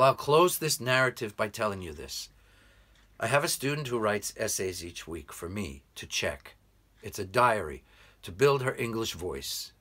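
A man from the United States speaks in a bright, forceful tone, pressing his points in an earnest political monologue. He slows down to lean hard on key phrases and keeps an urgent, appealing edge throughout. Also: medium pitch. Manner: earnest, urgent, emphatic with slow deliberate stresses. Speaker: English tutor.

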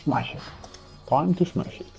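A man's voice: unhurried, a little mellow. A man chatting casually beside a gamer, making short, laid-back encouraging remarks. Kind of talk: casual chat. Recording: game music behind.

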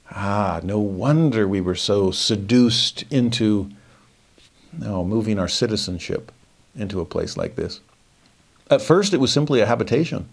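A man teaching a verse-by-verse Bible lesson, reflective and expressive, often posing rhetorical questions. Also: on the low side. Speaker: scripture teacher.

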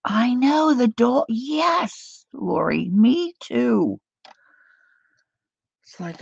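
A middle-aged woman hosting a crafting livestream, chatting warmly to viewers while she works. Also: on the high side, sing-song, takes it slowly, gravelly, slightly rough, dry recording, highs cut off.

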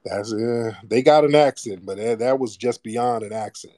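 A man's voice: medium pitch, normal speed, warm tone, no room sound. A man hosting a call-in show, speaking in a blunt, profane and preachy manner in a casual monologue.

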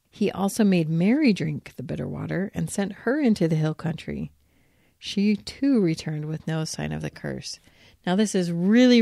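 Gravelly low woman reading scripture. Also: mellow, dry recording, clean studio sound. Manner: reflective, reads quoted lines with lifted emphasis. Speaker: podcast host.

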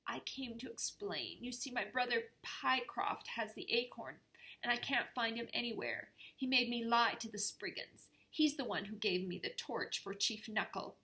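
A woman's voice: a little high, wildly swooping pitch, measured pace, vocal fry, hardly any pauses, pushed and bright, pitched above the performer's own voice, full character voice. A woman voicing a nervous, whiny little male creature with a long nose, pleading and whimpering in a raised voice.

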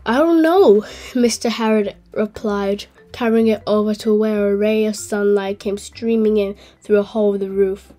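A woman hosting a channel and reading a children's story aloud in a gentle, clear way. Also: medium pitch, level tone, normal speed, few pauses, faint music behind. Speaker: host and storyteller.

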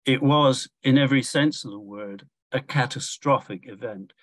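An older man giving a measured academic lecture from slides, pausing often with fillers and restarts. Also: mid-range voice, fairly bright tone, no echo.

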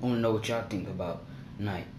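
A young man chatting casually about wrestling on his vlog, excitable and acting out his reactions with sudden high yelps. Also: fast talker. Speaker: vlogger. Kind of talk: casual wrestling chat to camera. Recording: echoey room with faint background hum.

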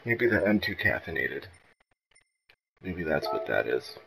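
A man's voice: rumbling low, big pitch swings, measured pace, gravelly, music in the background, low-quality recording. A man hosting a gaming video, rambling casually and self-mockingly with plenty of swearing. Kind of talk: casual gameplay commentary.

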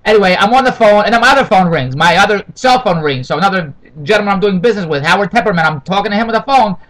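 A middle-aged man tells a long, digressive grievance in a comic monologue, going back over the same points. His voice sits high and sounds bright and forceful. He rattles along at a fast clip. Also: animated, poor audio. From Toronto. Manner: complaining, digressive, repeats himself. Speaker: vlogger.

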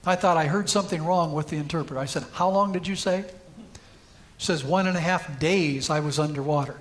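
High-pitched male preacher, storytelling sermon with emphatic peaks, church setting. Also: brisk. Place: church sanctuary.

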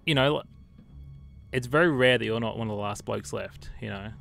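A man's voice: on the low side, a little fast, gravelly, faint music behind. A man streaming a shooter game, chatting casually with his viewers and calling them mate. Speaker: live streamer. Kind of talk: casual gameplay commentary talking to chat. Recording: loud game gunfire behind voice. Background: battle gunfire and vehicles.

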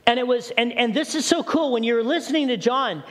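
A man's voice: extremely high pitch, fairly quick, a bit bright. A middle-aged man preaching a sermon as pastor, urgent and questioning the congregation directly. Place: church hall. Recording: long church hall reverb.

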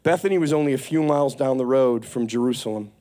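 A man preaching a sermon with impassioned, repetitive calls, swinging from hushed to shouting. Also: mid-range voice, quick pace.

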